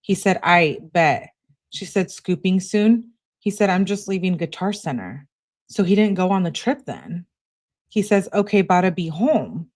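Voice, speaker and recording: A woman's voice: lowish voice, animated, moderate pace, darkish tone. A woman hosting a true crime channel, reading text messages aloud in a casual, conversational way and adding her own comments.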